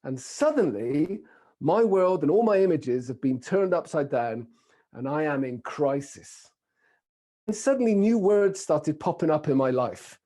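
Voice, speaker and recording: Brief: British man, middle-aged, keynote speaker on a video call, mellow and a bit high, playful and engaging. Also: lively intonation, a little slow. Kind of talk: online keynote talk. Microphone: video call microphone.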